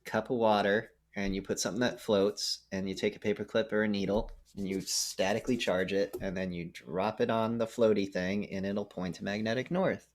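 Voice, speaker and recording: A man co-hosting a podcast, casually retelling a film's plot with animated acted-out quotes. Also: fairly low pitch, brisk, few pauses. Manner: animated storytelling, acts out quotes. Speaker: podcast co-host. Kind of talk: casual movie recap chat.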